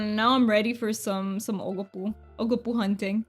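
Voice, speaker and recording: A woman's voice: mid-range voice, steady tone, brisk, faint music behind. A woman game streamer chatting casually with her viewers, self-deprecating and thanking chat.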